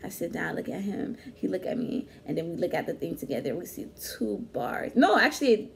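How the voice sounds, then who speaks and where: A young woman telling a story in casual chat, animated and slangy, laughing often. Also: on the low side, brisk, creaky, a little hiss or hum. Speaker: vlog host.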